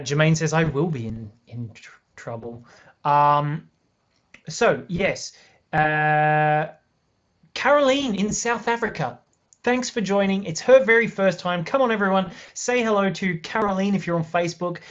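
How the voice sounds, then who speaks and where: A man's voice: sits high, lively intonation, a little slow, a bit bright, dull audio. A young Australian man hosting a live beading tutorial, chatting with viewers and reading out their comments between steps. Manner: chatty, upbeat, reads out viewer comments while explaining steps.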